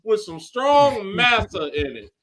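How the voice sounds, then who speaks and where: A man's voice: high-pitched, very animated, slow pace, fairly bright tone, low-quality recording. A man chatting playfully on a podcast, quoting people in put-on voices. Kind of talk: casual podcast chat.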